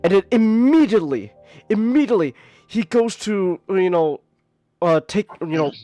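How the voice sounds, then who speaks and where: Podcast host, rambly and profane, pitch all over the place, low music bed. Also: moderate pace, dry recording. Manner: animated and rambling, lots of filler; swears freely. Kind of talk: casual comic review chat.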